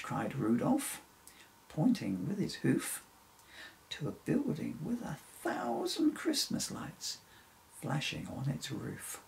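A man reading a rhyming children's story aloud in a slow, expressive way. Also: medium pitch, vocal fry, low-quality recording.

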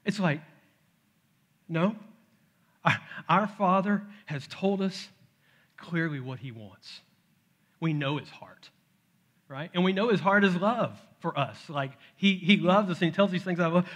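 Brief: middle-aged male pastor, higher-pitched and bright voice, animated storyteller in a church sermon. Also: unhurried, long pauses. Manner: animated storytelling, acts out his toddler's shouts. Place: church sanctuary.

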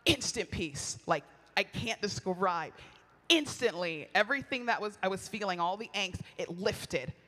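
A woman speaking at a women's retreat, telling personal stories in a lively, chatty sermon style, often laughing and acting out what people said. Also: medium pitch, unhurried. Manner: animated, chatty, laughs often, acts out quoted lines. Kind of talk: storytelling sermon. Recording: long hall reverb.

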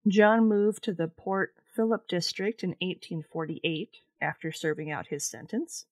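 Low-voiced woman podcast host. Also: steady tone, measured pace, no echo. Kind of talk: casual podcast chat, reading notes.

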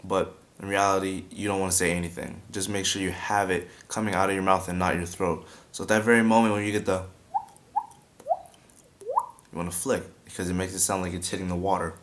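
A man's voice: sits low, fairly even intonation, brisk, fairly bright tone. A young man chatting casually as he teaches beatbox sound effects, breaking off to demonstrate mouth sounds. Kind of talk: casual video tutorial.

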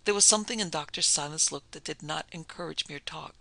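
A narrator reading a classic ghost story aloud in a steady, measured storytelling manner. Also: mid-range voice, creaky, no echo. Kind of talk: scripted audiobook narration.

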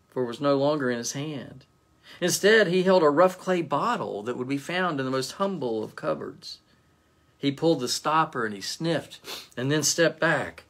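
Pastor guy reading a story, gravelly voice, gentle. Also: mid-range voice. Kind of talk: storytelling devotion.

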